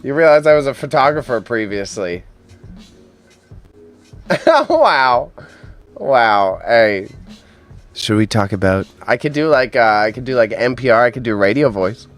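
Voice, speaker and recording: A man's voice: medium pitch, a little fast, soft background music. A young man hosting a casual livestream, joking and self-deprecating as he laughs along and banters with his chat. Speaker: livestream host. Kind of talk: casual live-stream chat.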